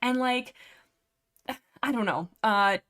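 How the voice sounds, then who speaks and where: A woman's voice: a little high, takes it slowly, a bit bright, smooth. A young woman hosting a casual livestream chat, rambling, restarting and apologizing, a little breathless from nerves. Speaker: livestream host.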